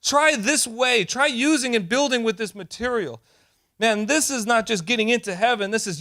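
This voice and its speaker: A man pastor preaching a sermon, animated and emphatic, sometimes acting out quoted voices. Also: extremely high pitch, moderate pace.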